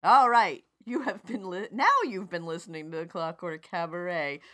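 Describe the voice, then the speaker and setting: A woman's voice: fairly low pitch, fairly even intonation, normal speed. A woman co-hosting a podcast, chatting and rambling through recommendations and wrap-up. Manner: chatty, rambling, easily sidetracked. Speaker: podcast co-host. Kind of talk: casual chat.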